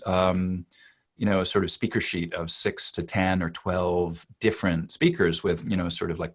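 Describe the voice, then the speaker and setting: A very low-voiced man explaining his craft as a dialect coach. He talks emphatically, doubling and tripling words as he builds long answers. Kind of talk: expert interview answer.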